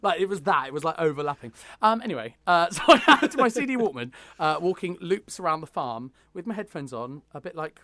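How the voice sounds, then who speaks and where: Guy, drag performer guest, quick self-mocking jokes, lively fast delivery, dry sound. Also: a little high, no echo. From Isle of Wight, England. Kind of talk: casual interview chat.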